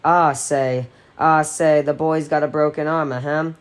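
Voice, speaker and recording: A woman voicing a boy who puts on a grandly rolling southern-gentleman drawl, clearing his throat as he goes. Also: low voice, fairly even intonation, measured pace. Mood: blustery.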